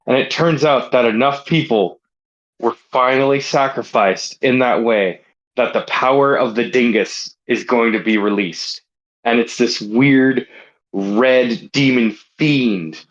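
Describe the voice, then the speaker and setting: A man's voice: mid-range voice, a little slow, lo-fi sound. A man co-hosting a comedy podcast, telling a rambling story in casual chat with lots of filler words. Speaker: podcast co-host.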